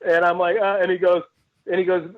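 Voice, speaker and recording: A comedian from Cleveland tells a long story in a casual chat, laughing along and tripping over his own restarts. His voice sits a little on the high side. It comes through a narrow, phone-like line. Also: flat delivery, brisk. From Cleveland, Ohio, USA. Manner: rambling anecdotes with frequent laughs and restarts. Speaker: comedian guest.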